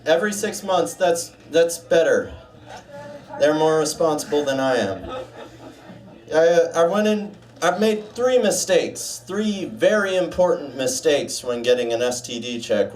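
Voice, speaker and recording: A young man doing a deadpan stand-up set with dark jokes, putting on a gruff low voice for a doctor. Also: far from the mic. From United States. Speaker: stand-up comedian. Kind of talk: stand-up set at open mic. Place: small bar stage.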